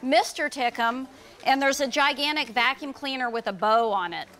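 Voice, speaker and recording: A woman author reading her children's book aloud and describing its pictures at a bookstore event, in a lively storytelling manner. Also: high-pitched, normal speed.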